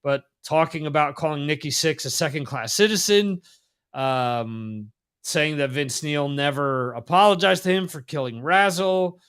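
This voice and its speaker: Male host, loose rambling chatter, lots of ums, somewhat higher voice. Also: a little slow, a bit bright, clear, resonant tone. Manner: rambling, laughs often, many fillers. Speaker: podcast host. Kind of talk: casual chat. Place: lives in Spain.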